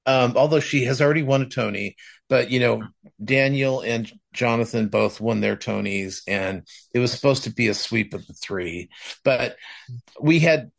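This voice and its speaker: Gravelly, hesitant male co-host. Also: medium pitch, normal speed. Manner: rambling, hesitant with many fillers. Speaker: podcast co-host. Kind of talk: casual chat.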